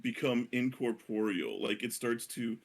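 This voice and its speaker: A man narrates a tabletop game as game master. He hesitates often, with many fillers and self-corrections. His voice sits at an ordinary middle pitch. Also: a little slow.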